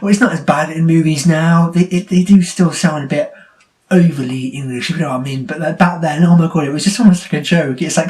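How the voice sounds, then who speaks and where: A man with a fairly high voice gives a casual spoken movie review. He talks in a chatty, incredulous way and often breaks into laughter. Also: a little mellow. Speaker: film reviewer.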